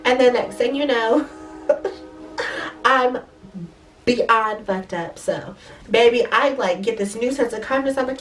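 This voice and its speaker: A young woman telling a story in a fast, profane, animated way, with a stuffy nose. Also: a little high, far from the mic, soft background music. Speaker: vlogger. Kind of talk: casual storytime.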